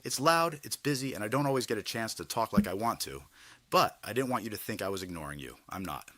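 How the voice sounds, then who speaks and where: A man's cloned voice as a synthetic offshore rig worker, low-pitched and lively in its rise and fall. The tone is bright and the sound dry. He explains himself calmly and reassuringly. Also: fast talker, dry recording. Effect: AI-generated voice clone.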